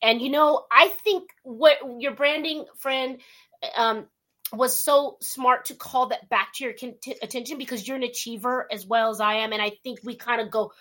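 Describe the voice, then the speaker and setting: A high-voiced woman from California hosts an interview chat. She is animated and affirming, often jumping into playful voices. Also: normal speed. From West Covina, California. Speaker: show host.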